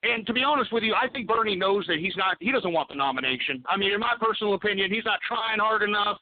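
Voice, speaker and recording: A man's voice: high voice, lively intonation, quick pace, no room sound. A man hosting a talk radio show, ranting angrily and cursing as he takes calls. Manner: profane, angry ranting. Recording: tinny phone-like sound.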